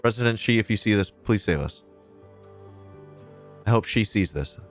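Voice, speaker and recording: A man's voice: on the low side, lively intonation, moderate pace, soft background music. A man hosting a livestream, reacting to news clips in a sarcastic, ranting way and swearing freely. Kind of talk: casual livestream commentary.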